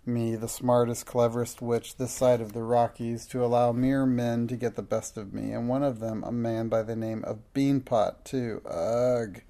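A fierce, boastful old witch from a storybook, sneering and making threats, as a man reads her lines. The voice is gravelly and dark. It stays close to a plain reading voice. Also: medium pitch, little pitch movement, moderate pace, hardly any pauses, close to an everyday voice. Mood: scornful. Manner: scornful, shrieking threats.

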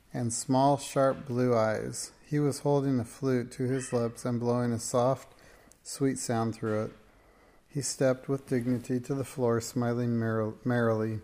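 Gravelly man reading a children's story. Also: medium pitch, dark tone. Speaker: narrator.

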